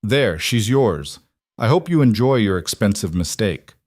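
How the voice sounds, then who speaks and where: A man's voice: on the low side, sing-song, a little slow, a little mellow, dry recording, clean studio sound. A man doing a sneering cruel frontier man. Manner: sneering, contemptuous.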